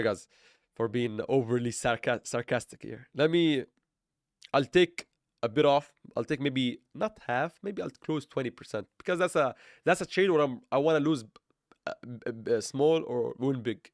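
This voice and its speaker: A man's voice: medium pitch, moderate pace, dry recording, clean studio sound. A man livestreaming his crypto trades, rambling and correcting himself, with playful sarcasm and frequent laughs. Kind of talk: live trading stream chat.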